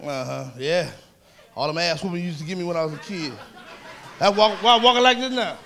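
A man doing stand-up comedy on a club stage, loud and profane, teasing people in the audience. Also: sits high, fairly quick, vocal fry, slight background noise.

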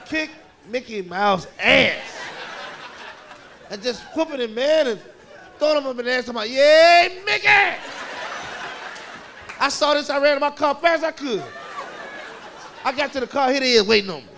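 A man performing profane, animated stand-up comedy storytelling on a club stage, with a laughing audience behind him. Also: extremely high pitch, brisk, creaky, pauses often, a faint crowd, slight background noise. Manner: profane, animated storytelling with shouted kid voices.

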